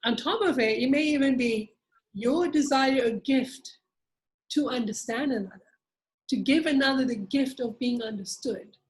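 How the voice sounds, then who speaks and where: A woman's voice: a little high, poor audio. A woman leading a group therapy session, coaching members in a direct, emphatic way.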